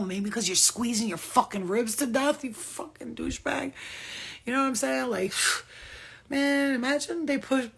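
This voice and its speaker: A woman speaks as a spiritual medium in an unfiltered, profane style, often laughing. Her voice is husky and sits at an ordinary middle pitch. She sounds like casual channeling talk rather than a formal reading.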